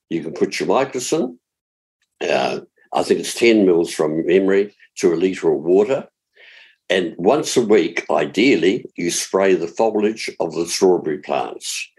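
A man's voice: low voice, expressive, unhurried, darkish tone, breathy edge. An older man with a New Zealand accent giving chatty gardening advice on a radio talk show, explaining steps patiently and spelling words out. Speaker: gardening expert.

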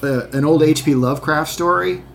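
A man in casual chat, telling movie stories in a rambling, animated way. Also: fairly high pitch, fairly quick, gravelly. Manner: rambling, animated storyteller with restarts.

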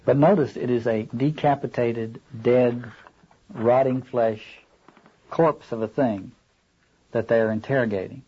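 A man lecturing on a novel in a thoughtful, halting way, often stopping to read passages aloud, on a dull lo-fi recording. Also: mid-range voice, fairly even intonation, warm tone, husky. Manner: thoughtful, halting, rereads quoted lines aloud. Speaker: literature lecturer.

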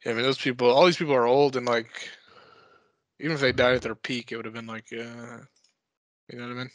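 A man co-hosting a casual podcast chat, rambling through deadpan absurd ideas and swearing freely. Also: mid-range voice, fast. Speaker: podcast co-host.

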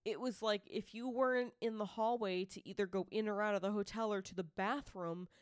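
A woman's voice: mid-range voice, fairly even intonation, a little fast, clean tone, dry recording, clean studio sound. A woman from Massachusetts with a Boston accent, co-hosting a podcast in casual chat, chatty and laughing easily, earnest when the talk turns serious. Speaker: podcast co-host.

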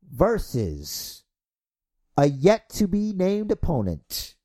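Energetic foul-mouthed podcast dude, fake wrestling play by play, voice jumps all over the place. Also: male voice, on the high side. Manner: energetic, crude, fast-talking. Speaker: podcast host. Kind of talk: mock wrestling play-by-play and casual chat.

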